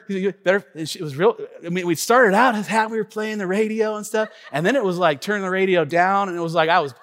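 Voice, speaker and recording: A man's voice: high-pitched, fairly bright tone. A man in his thirties preaching a sermon, telling a story animatedly and acting out the voices in it. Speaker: pastor. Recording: long hall reverb.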